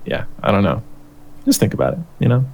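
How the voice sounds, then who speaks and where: A man's voice: fairly low pitch, very animated, fast, creaky, a little mellow. A young man in his twenties co-hosting a podcast, rambling and sarcastic, swearing freely in casual banter. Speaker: podcast co-host. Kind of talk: casual chat.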